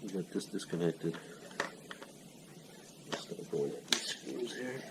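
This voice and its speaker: A middle-aged man with a very low voice explains a motorcycle repair step by step while he works. He is breathing hard the whole time, and his speech stays plain and practical. The home garage recording has a lot of noise behind him. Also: expressive, slow pace. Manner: plain-spoken, talks while working with his hands. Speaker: home mechanic. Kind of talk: casual how-to demonstration.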